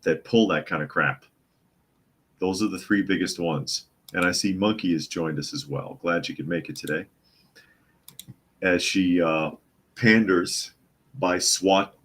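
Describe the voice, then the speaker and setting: A man's voice: sits low, fairly bright tone, breathy edge. A male podcast host giving live news commentary, reading viewer comments aloud with scornful chuckles. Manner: mocking, chuckling while reading chat comments.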